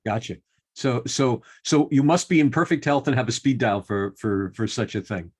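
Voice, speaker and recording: A man's voice: mid-range voice, lively intonation, moderate pace, slightly rough. Eager stammering male interview host. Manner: enthusiastic, stammering repeats. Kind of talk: casual interview.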